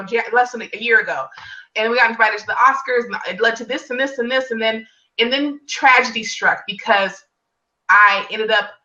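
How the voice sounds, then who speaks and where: Woman guest, bright storytelling voice, high-ish, slightly distant dull lo-fi mic. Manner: animated storyteller, acts out quotes in higher pitch. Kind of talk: personal story in casual conversation.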